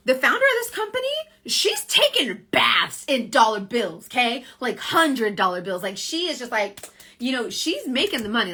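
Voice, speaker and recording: A woman's voice: on the high side, wildly swooping pitch, normal speed, sharp tone, husky. A woman, rambling in a casual motivational livestream, full of "like" and self-corrections, speaking into a phone. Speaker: direct sales team leader. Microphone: phone on a social media livestream.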